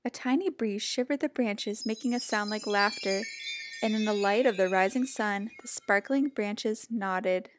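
In an unhurried, mid-range voice, a woman gently and expressively reads aloud from a children's picture book, like a storyteller. Background noise can be heard in the recording.

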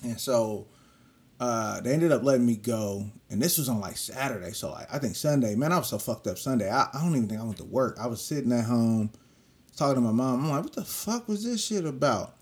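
A young man from California, speaking fairly quickly at a medium pitch, tells a personal story in casual, profane street slang. He's animated and acts out the voices of people who spoke to him.

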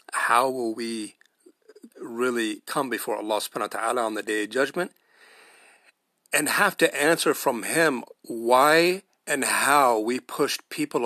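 A man's voice: mid-range voice, a bit bright, dry recording, studio quality. A man delivering an impassioned monologue, emphatic, with rhetorical questions and repeated phrases. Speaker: commentator.

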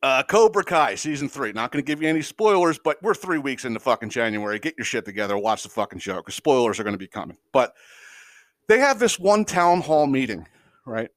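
A man's voice: medium pitch, big pitch swings, brisk, no echo, studio quality. A man hosting a podcast, ranting casually and heatedly, swearing constantly and stammering when worked up. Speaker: podcast host. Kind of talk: casual profane rant.

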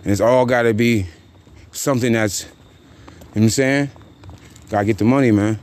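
A man hosting a podcast, venting in a casual, animated rant full of profane street slang. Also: mid-range voice, moderate pace. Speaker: podcast host.

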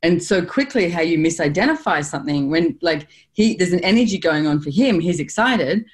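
A woman's voice: fairly low pitch, brisk. An Australian woman hosting a podcast, chatting casually and telling stories with acted-out quotes. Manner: animated storyteller, laughs often, acts out quotes. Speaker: podcast host. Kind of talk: casual conversational interview.

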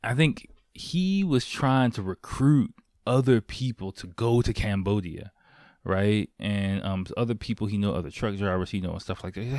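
Man, thirties, lowish voice, loose rambling storyteller who swears offhand, dry close mic. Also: expressive, moderate pace, a little mellow, no echo. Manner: rambling, swears casually, many fillers and restarts. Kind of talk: casual storytelling.

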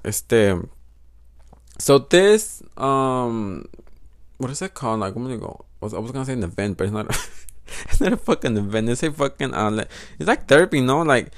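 A young man with a Mexican Spanish accent hosting a casual solo podcast, rambling and cursing freely and slipping into Spanish phrases. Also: medium pitch. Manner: rambling, profane, switches into Spanish. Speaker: podcast host.

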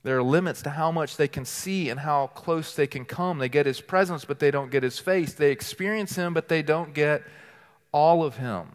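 A teaching pastor preaches with an earnest, deliberate delivery, building emphasis by repeating phrases and reading scripture slowly aloud. His voice sits a little high, and the recording carries a long hall reverb.

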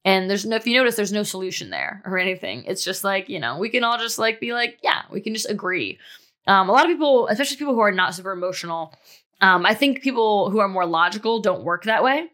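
A woman's voice: medium pitch, lively intonation, quick pace, a bit bright. A young woman in her twenties talking candidly as a podcast host about a breakup, in a casual monologue full of fillers and the odd swear word. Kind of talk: personal monologue.

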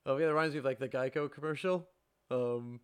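A man's voice: medium pitch, steady tone, fast talker, clean tone. A man co-hosting a casual movie chat, laughing often and rambling with lots of fillers. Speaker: podcast co-host.

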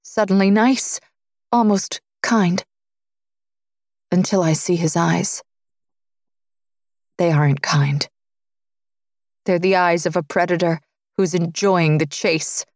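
A woman reads a first-person romance audiobook in a low-pitched, intimate voice. The recording is dry and close, with no room sound. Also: slow pace, long pauses, no echo. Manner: low, intimate reading, dropping softer for his lines. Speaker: audiobook narrator.

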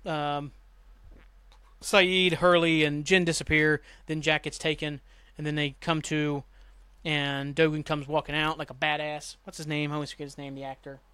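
A man's voice: fairly high pitch, a bit bright, clear, resonant tone, dry recording. Griping, rambling man recapping TV. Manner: rambling, profane, exasperated griping. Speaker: podcast host. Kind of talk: casual TV episode recap.

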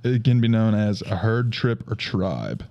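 A man's voice: on the low side, big pitch swings, unhurried, darkish tone, no room sound. A man co-hosting a podcast, reading out trivia questions to his friends in casual chat. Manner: quizzing others with trivia questions. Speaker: podcast co-host. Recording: dull lo-fi sound.

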